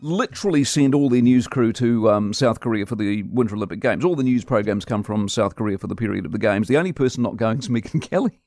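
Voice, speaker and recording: A man, hosting a radio breakfast show in casual banter, emphatic and quick to joke. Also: fairly low pitch, darkish tone, no echo, studio quality. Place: radio studio. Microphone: close studio microphone.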